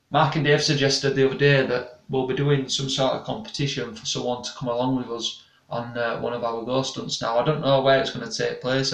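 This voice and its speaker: A man's voice: mid-range voice, vocal fry, fairly bright tone. A young man, a paranormal investigator chatting casually with viewers and reading comments, rambling and restarting often. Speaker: paranormal investigator and channel host. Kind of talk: casual live-stream chat reading comments. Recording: echoey room, distant mic.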